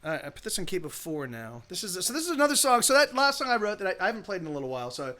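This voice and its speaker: A man's voice: sits high, very animated, very fast, sharp tone. A man streaming live as a musician, chatting casually between songs in a rambling way with many restarts. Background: guitar playing.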